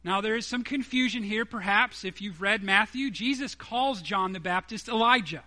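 A man's voice: high voice, normal speed, sharp tone. A man preaching a sermon, emphatic, acting out quoted dialogue from the story.

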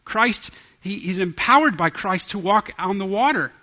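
A man preaching a sermon as pastor, swinging from loud declarations to hushed asides. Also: high voice, lively intonation, moderate pace.

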